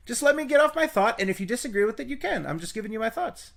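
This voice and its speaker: A man's voice: very high-pitched, expressive, rapid-fire, vocal fry, crowd noise. A man in a casual argument, pressing his point insistently and teasing the other man.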